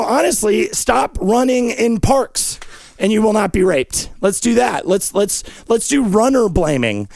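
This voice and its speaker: A man with a gravelly, creaky voice rants through an improvised comedy bit, profane and erratic. He pitches his voice somewhat high and often lapses into a sing-song lilt. The sound is dry and close. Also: darkish tone, no echo. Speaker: comedy show host.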